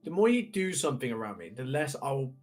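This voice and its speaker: A man's voice: mid-range voice, big pitch swings, a little fast, faint music behind. Rambling Bristolian man co-host. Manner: rambling, many restarts and fillers. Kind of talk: casual chat.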